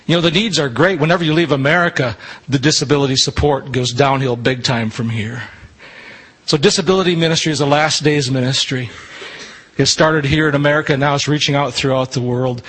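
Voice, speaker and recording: A man leading a disability ministry, giving an earnest church talk, slowing down to stress his points. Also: mid-range voice, fairly bright tone, breathy edge, low-quality recording.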